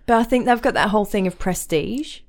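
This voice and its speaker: A woman hosting a podcast, chatting casually and telling lively stories about trips and whiskey. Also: mid-range voice, fairly quick. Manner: chatty, animated storyteller. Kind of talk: casual chat.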